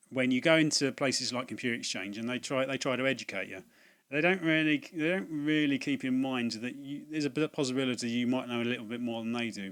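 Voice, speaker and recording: A man's mid-range voice, a bit bright, carries this casual unboxing vlog. As the host, he goes on chattily about his purchases with plenty of fillers. The audio comes from a laptop's built-in mic in a home room at dusk.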